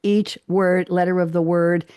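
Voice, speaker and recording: A woman hosting a radio talk show, chatting with guests in a lively, storytelling way. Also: fairly low pitch, a little slow, clear, resonant tone, no echo, studio quality. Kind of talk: casual radio chat. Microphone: studio microphone.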